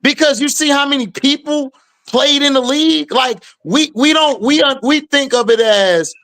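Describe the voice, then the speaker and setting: A man hosting a casual sports talk show, animated and emphatic with lots of slang. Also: extremely high pitch, moderate pace, no echo. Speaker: podcast host.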